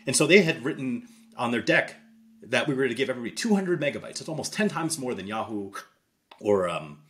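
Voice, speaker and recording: A man's voice: medium pitch, big pitch swings, fairly quick, fairly bright tone. A middle-aged man, an investor guest in an interview, telling stories with many fillers and acting out remembered dialogue. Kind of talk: interview storytelling.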